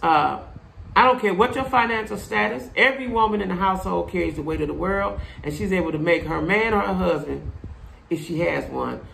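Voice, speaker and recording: A woman's voice: lowish voice, fairly quick, vocal fry, fairly bright tone. A middle-aged woman delivering a blunt, preachy monologue as a vlogger, speaking emphatically to her viewers. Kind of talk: casual monologue to camera. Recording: echoey room, faint background noise.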